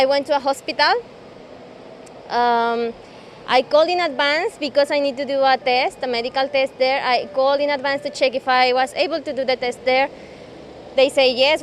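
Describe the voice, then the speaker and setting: Woman, high voice, halting simple phrasing, street interview, faint traffic behind. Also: fairly bright tone. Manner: halting non-native English, simple phrasing. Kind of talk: interview answer, personal story.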